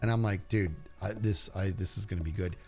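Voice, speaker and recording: A man's voice: low-pitched, steady tone, a little fast, darkish tone, faint music behind. A middle-aged man chatting casually with his stream viewers, rambling and stopping himself mid-sentence as he talks about shows he loves. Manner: rambling, self-interrupting, enthusiastic about shows. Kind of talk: casual livestream chat.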